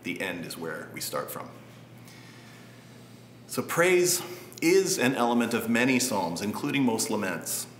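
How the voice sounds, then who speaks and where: A man preaching a sermon in a relaxed, conversational way with light humor. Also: fairly low pitch, measured pace, pauses often, echoey room, a little hiss or hum. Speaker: pastor.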